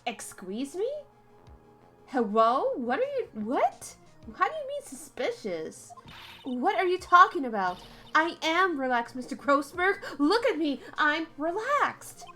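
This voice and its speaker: A nervous young woman lawyer, flustered and quick to defend herself, voiced by a woman dubbing a game. High, slow delivery with faint music behind. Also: very animated, sharp tone, exaggerated voice.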